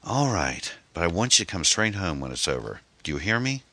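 A man's voice: sits low, big pitch swings, brisk, pushed and bright, dry recording, voice pushed up, exaggerated voice. A man voicing a weary, grieving single mother as he reads a mystery novel aloud. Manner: weary, strained.

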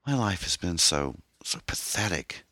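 A man voicing a troubled young woman, an orphan who talks in a hesitant, halting, pained way. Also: deep voice, very animated, pushed and bright, dry recording, clean studio sound, pitched above the performer's own voice, heavily acted. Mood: guarded, pained.

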